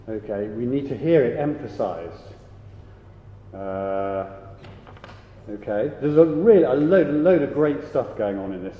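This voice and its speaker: A man leads a choir rehearsal, giving brisk notes and counting in with a mid-range voice. The sound is dull and lo-fi, and his voice rings with a long echo around a large hall. A faint hum of room noise sits underneath. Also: mid-range voice. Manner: brisk, counts in and sings example phrases. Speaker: choir director.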